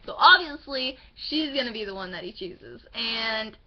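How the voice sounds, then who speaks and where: A young woman vlogger chatting about her book haul, gushing and excitable, swearing now and then. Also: on the high side, normal speed, lo-fi sound. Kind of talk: casual book haul chat.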